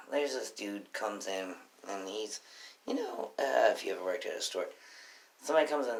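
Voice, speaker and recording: A young man telling a personal story in a casual, rambling way, swearing often and filling pauses. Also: fairly low pitch, creaky, a bit bright. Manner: profane, rambling, full of fillers.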